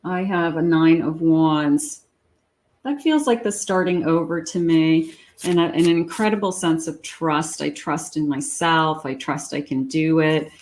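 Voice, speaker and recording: A woman reading tarot cards aloud in a chatty, reassuring way, thinking out loud as she goes. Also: sits low, a little slow, slight background noise. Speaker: psychic tarot reader.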